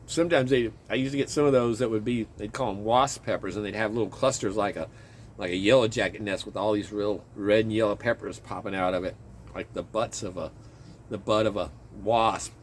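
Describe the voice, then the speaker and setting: A man casually chatting in his garden outdoors, rambling and chuckling as he talks, with a relaxed, self-interrupting way of speaking. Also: lowish voice, brisk, slight background noise. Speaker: vlogger and home gardener.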